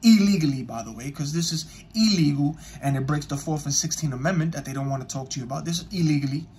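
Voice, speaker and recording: A man delivers impassioned online commentary, hammering his points and calling out to his audience again and again. His voice sits a little high. A faint ambient hum runs underneath. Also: fast talker, darkish tone. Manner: emphatic, repetitive, addresses audience directly.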